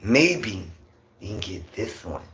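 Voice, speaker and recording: A man with a raspy, fairly low voice hosts a laid-back livestream, talking just above a whisper. He rambles along with lots of fillers. The sound has a noticeable roomy echo. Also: big pitch swings, takes it slowly, slight background noise. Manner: talks softly, near a whisper; rambling, chatty, with many fillers. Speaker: livestream host. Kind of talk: casual livestream chat.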